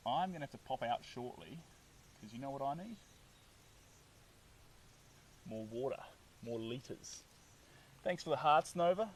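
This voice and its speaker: A man's voice: medium pitch, recorded from a distance, slight background noise, low-quality recording. A man with a New Zealand accent chatting upbeat and casually while painting on a live stream, reading out viewer comments.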